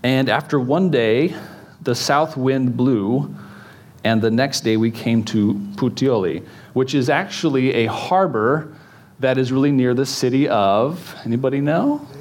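A man's voice: medium pitch, unhurried, darkish tone. Chatty male pastor, joking with congregation. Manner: chatty, joking, many fillers and restarts. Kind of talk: casual sermon teaching. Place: church in front of a congregation.

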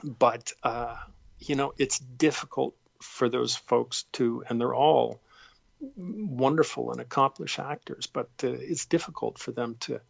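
Male actor, gravelly, warm, self-deprecating, halting, dry muffled recording. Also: medium pitch, dry recording. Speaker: guest actor. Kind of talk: interview, storytelling.

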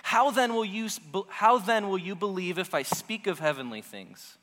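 A man's voice: high-pitched, lively intonation, moderate pace, fairly bright tone, in a large hall, voice pushed up. A preacher voicing Jesus as an adult male teacher, pressing a questioner with insistent, heated rhetorical questions. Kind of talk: dramatized scripture quotes in a sermon.

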